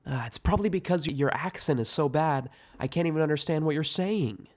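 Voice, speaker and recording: A man's voice: fairly high pitch, slow pace, a little mellow, voice pushed up. A man reading an irritable young boyfriend. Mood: irritated.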